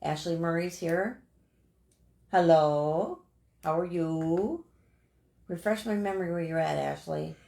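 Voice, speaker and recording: A middle-aged woman co-hosting a casual live stream from home, chatty and quick to laugh as she reads out viewers' names. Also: on the low side, creaky, warm tone, roomy sound.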